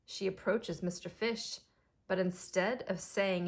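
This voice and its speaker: A woman teacher reading a picture book aloud to preschoolers, slow and expressive. She speaks at an unhurried pace with a medium pitch, drawing the children in with questions. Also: soft background music.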